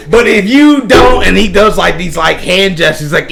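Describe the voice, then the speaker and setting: A man's voice: high voice, big pitch swings, a little slow, gravelly, a crowd in the background. A man, a podcast guest telling a story in casual chat, profane and often laughing.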